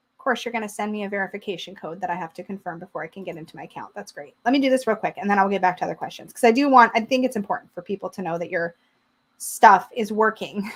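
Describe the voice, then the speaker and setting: A young woman hosting a casual livestream, chatty and excitable, reading out viewer comments as she goes. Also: mid-range voice. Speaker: tarot livestream host.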